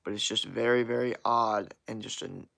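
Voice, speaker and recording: Young male streamer, gravelly voice, profane rambling rant to chat. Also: fairly low pitch, fairly even intonation, moderate pace, a bit bright. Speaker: livestreamer. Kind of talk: casual live stream chat.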